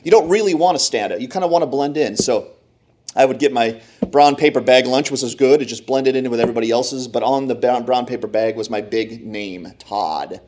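A man preaching a humorous sermon, telling animated, self-deprecating stories. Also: mid-range voice, fairly quick.

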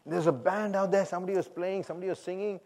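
A man telling his personal testimony to a congregation, animated, acting out the people he quotes and laughing at himself. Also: sits high, rapid-fire. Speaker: speaker giving a personal testimony. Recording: long hall reverb.

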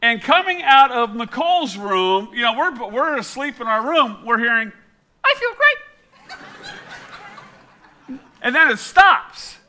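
A middle-aged man, a pastor, running a quiz with his congregation and telling an animated, self-mocking story. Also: very high voice, normal speed.

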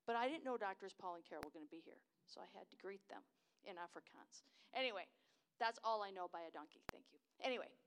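A woman's voice: mid-range voice, expressive, quick pace, a bit bright, clean tone. An American woman in her fifties gives a chatty, enthusiastic missionary talk at a church service, wandering off track and laughing at herself.

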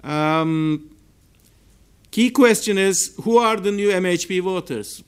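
A man with a Turkish accent presents research at a seminar. His voice sits a little high for a man. He speaks slowly and deliberately, pausing on fillers as he works through his points. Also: clear, resonant tone. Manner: measured, hesitant with frequent fillers. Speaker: political science researcher. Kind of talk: academic seminar talk. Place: seminar room.

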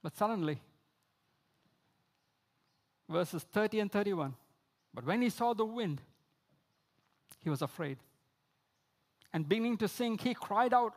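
High-voiced man preaching a sermon. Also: animated, measured pace, long pauses. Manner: rises to emphatic high exclamations, drops low for quoted lines; repeats phrases, addresses listeners as friends.

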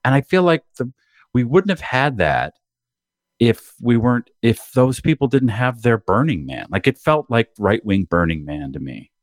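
A man's voice: medium pitch, sing-song, normal speed, no echo, studio quality. A man co-hosting a podcast, rambling and swearing as he riffs sardonically in casual banter. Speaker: podcast co-host.

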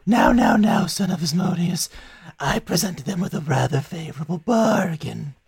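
A man's voice: fairly high pitch, wildly swooping pitch, moderate pace, gravelly, darkish tone, slightly rough, full character voice. A man voicing a sly, scheming chained male devil in a tabletop game, sinking now and then into a whisper. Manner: silky, scheming, drops to whispers. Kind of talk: tabletop role-play voice.

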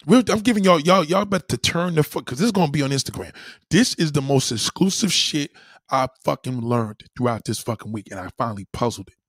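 Man, casual profane storytelling, raspy, dry close sound. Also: on the high side, fairly quick, no echo. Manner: animated, slangy, swearing freely, repeating "you know what I mean". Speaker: storyteller addressing followers.

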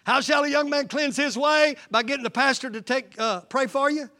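A man's voice: extremely high pitch, moderate pace, pushed and bright. A man preaching a fervent sermon as pastor, repeating lines and calling out to the congregation. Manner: fervent, repetitive call-and-response preaching.

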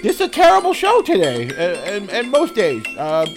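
A man's voice: high voice, huge pitch swings, normal speed, faint music behind. A male podcast host in a comedic call-in bit, exasperated, cursing and sarcastic.

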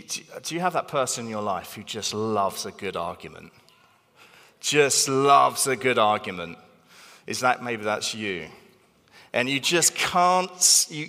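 A man preaching a sermon in a church hall, animated and emphatic, repeating phrases for stress. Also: medium pitch. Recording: long reverb of a large hall.

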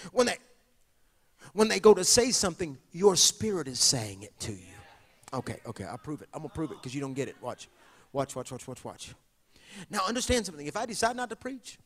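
A man preaching a sermon as pastor, swinging from hushed asides to shouted preaching. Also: high voice, slightly rough. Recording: long hall reverb.

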